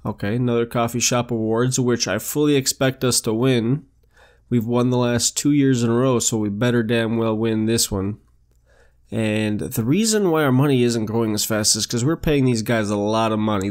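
A man's voice: mid-range voice, steady tone, moderate pace. A young man hosting a let's play, chatting casually and narrating each move he makes in the game. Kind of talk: casual gameplay commentary.

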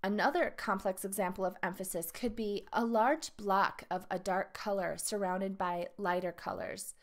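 A woman's voice: medium pitch, normal speed. Woman teacher reading art lesson aloud. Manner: reads questions and answer choices aloud, adds asides to students.

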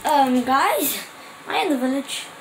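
A young girl's high, swooping voice, excitable and quick to exclaim as she talks through her gameplay. She drawls slowly between outbursts. The sound is roomy and echoey, with steady noise underneath. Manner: excitable, gasping and exclaiming at finds. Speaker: gaming video creator. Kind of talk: casual gameplay commentary. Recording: roomy echo with clear background noise.

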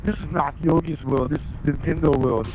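A man giving goofy, rambling gameplay commentary as host, with bursts of shouting. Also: a little high, fairly even intonation, fairly quick, background noise. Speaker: gaming video host.

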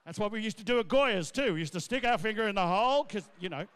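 A middle-aged man doing brash, loud stand-up as MC at a gala. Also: sits high, animated, clear, resonant tone. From Australia. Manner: brash, loud, rapid riffing. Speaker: comedian and MC. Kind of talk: stand-up comedy. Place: large gala ballroom. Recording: echoey ballroom, long reverb.

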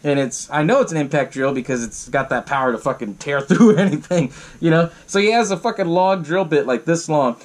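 A man's voice: on the high side, expressive, brisk, hardly any pauses. A man hosting a podcast, casually recapping a horror movie in a loose, profane way full of fillers. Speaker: podcast host.

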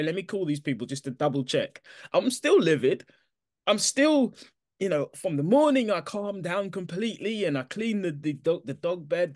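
A man telling a personal testimony to a congregation in an animated storytelling way, acting out his own self-talk. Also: fairly high pitch, dry recording, clean studio sound. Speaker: church member giving testimony.

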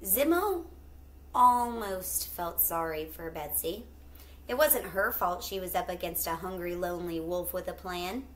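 A woman teacher reading a picture book aloud to children, pausing to ask them questions. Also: on the low side, lively intonation, a little hiss or hum. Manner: pauses to ask listeners questions.

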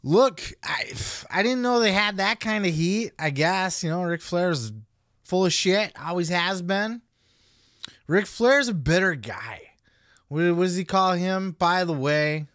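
A man's voice: high-pitched, lively intonation, measured pace, a bit bright, dry recording, clean studio sound. Blunt, swearing podcast host, a man. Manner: blunt and heavily profane. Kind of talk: casual podcast commentary.

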